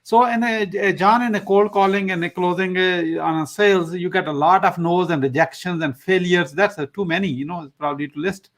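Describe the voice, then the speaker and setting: A man from the USA hosts a podcast interview, asking questions with lots of fillers and cheering on each answer. His voice is notably high for a man. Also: steady tone, brisk, hardly any pauses, a bit bright. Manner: enthusiastic, filler-heavy, praises answers. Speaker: podcast host.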